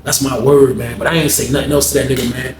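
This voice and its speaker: A man telling a story in casual, slang-heavy talk, getting loud when he acts out arguments. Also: mid-range voice, fairly even intonation, fast talker, echoey room, a little hiss or hum. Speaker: storyteller host.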